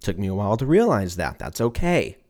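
Rambling, profane podcast host, low voice. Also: male voice, wildly swooping pitch, fairly quick, a little mellow. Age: 30s. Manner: rambling, profane, laughs at his own jokes. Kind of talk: casual solo podcast chat.

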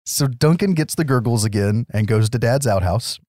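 A man's voice: mid-range voice, moderate pace, darkish tone, no room sound. A man casually recapping a movie on a podcast, laughing often and acting out characters. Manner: laughs often, acts out characters in silly voices. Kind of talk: casual comedic chat.

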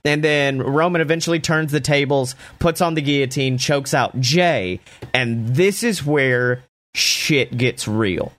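A young man casually recapping a wrestling show, talking excitedly and swearing a lot. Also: unhurried, no echo. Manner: excited, profane, acts out quotes in raised pitch.

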